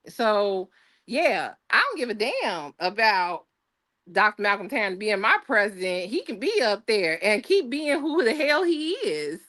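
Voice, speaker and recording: A woman's voice: medium pitch, sharp tone. A woman guest on a podcast, talking bluntly and emphatically with plenty of swearing. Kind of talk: casual podcast chat.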